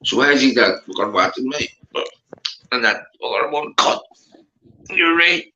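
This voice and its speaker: A man's voice: mid-range voice, animated, moderate pace, bright, forceful tone, echoey room, lo-fi sound. A man with a Northern Irish accent in rambling casual chat, repeating himself and calling his friend mate. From Northern Ireland.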